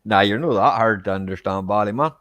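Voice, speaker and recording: A man hosting a casual webcam chat, easygoing and quick to laugh. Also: fairly low pitch, a bit bright, no echo. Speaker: channel host. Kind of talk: casual video call chat. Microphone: webcam on a video call.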